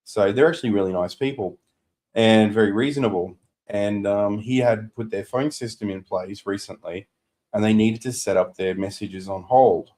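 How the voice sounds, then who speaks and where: A man's voice: fairly low pitch, moderate pace, a little mellow. A man, co-hosting a business podcast, telling a client story in casual chat and acting out what people said.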